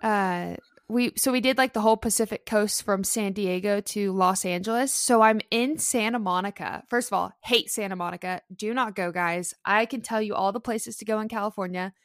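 A woman's voice: mid-range voice, normal speed, hardly any pauses, no echo, clean studio sound. A young adult woman co-hosting a podcast, telling a story in casual chat with lots of fillers. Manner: chatty, animated storytelling with many fillers. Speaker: podcast co-host.

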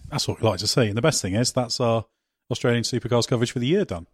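A man's voice: mid-range voice, fast, husky, dry recording, clean studio sound. A man hosting a motorsport podcast in a casual, jokey way, often restarting his sentences. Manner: jokey, teasing, frequent restarts. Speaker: podcast host.

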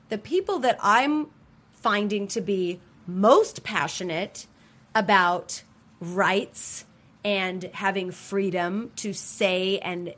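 A woman's voice: medium pitch, a bit bright. A woman in casual chat, talking animatedly with many fillers and restarts.

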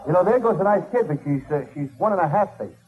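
A man playing a bumbling, wisecracking comic in a 1940s radio comedy, with a quick, whiny delivery. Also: high voice, lively intonation. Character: bumbling wisecracking male comic, middle-aged. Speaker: comic in a radio double act. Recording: noisy, dull old radio recording.

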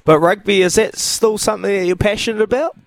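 A man's voice: high-pitched, fast talker, gravelly, no echo. A man hosting a casual radio chat, matey and friendly, saying "mate" and "wee". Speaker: radio host, former rugby player. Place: radio studio.

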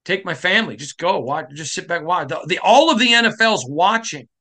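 A middle-aged man from Michigan hosting a sports podcast, giving a passionate, emphatic monologue that climbs to shouting. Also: sits high, lively intonation, brisk. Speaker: podcast host.

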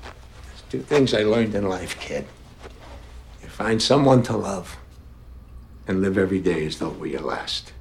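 An actor playing a lonely old widower, folksy and reflective, in a film scene. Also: male voice, low voice, animated, unhurried, gravelly, pauses often, a little hiss or hum, exaggerated voice. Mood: wistful. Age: older.

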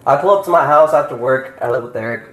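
A young man telling a story among friends in casual chat, rambling and profane, acting out quotes loudly. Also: mid-range voice, quick pace. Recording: echoey room.

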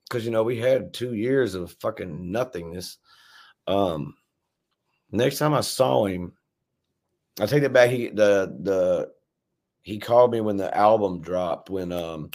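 A man's voice: fairly low pitch, darkish tone. A man, a rapper guesting on a podcast, telling long stories with heavy swearing and lots of restarts. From Memphis, Tennessee. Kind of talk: casual storytelling conversation.

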